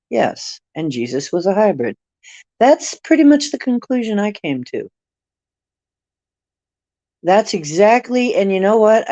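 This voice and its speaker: A woman hosts a casual livestream in a slow, unhurried way, musing aloud as she drifts from one speculative thought to the next. Her voice sits dry and close, with a dull, lo-fi quality to the stream audio. She chats with her viewers and reads their comments as she goes. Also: sits low, mellow, no room sound. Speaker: livestream host reading viewer chat.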